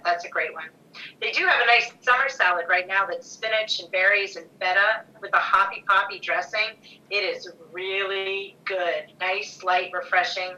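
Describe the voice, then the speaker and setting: A woman chats with enthusiasm on a podcast, her voice bright and lively and often breaking into laughter. She sounds a little distant from the mic. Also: mid-range voice. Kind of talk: casual chat.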